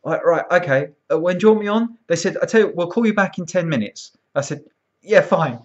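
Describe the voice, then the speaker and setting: Male streamer, casual storyteller, animated and halting, fairly high voice, dull lo-fi audio. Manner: animated, acts out quoted voices, frequent ums and restarts. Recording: dull lo-fi sound.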